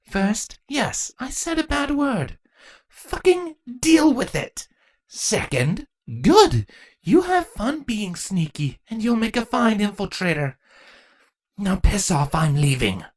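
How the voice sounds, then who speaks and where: A woman's voice: medium pitch, very animated, slow, pitched above the performer's own voice. A woman voicing a grumpy, foul-mouthed changeling queen with a snappish, grumbling manner in a storybook reading. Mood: sardonic.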